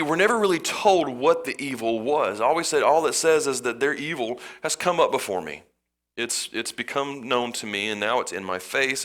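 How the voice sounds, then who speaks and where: A man preaching a sermon as pastor, retelling a story with animated, acted-out voices. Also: mid-range voice.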